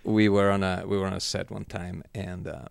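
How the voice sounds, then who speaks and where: A man guest telling rambling stories in a casual chat, often halting and restarting. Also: deep voice, little pitch movement, vocal fry, slight background noise. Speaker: guest filmmaker. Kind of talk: casual storytelling.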